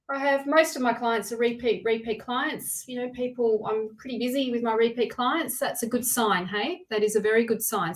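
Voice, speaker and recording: Australian woman, middle-aged, live-stream tarot host; high-pitched, chatty, greets viewers by name. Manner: chatty, warm greetings to viewers, frequent restarts. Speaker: tarot reader hosting a livestream. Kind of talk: casual live-stream chat.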